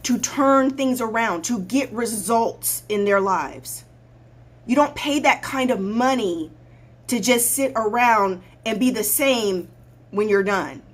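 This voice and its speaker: Blunt, high-voiced woman life coach. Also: slow pace. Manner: blunt, preachy, repeats phrases for emphasis. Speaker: life coach hosting her show. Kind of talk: livestream talk to viewers.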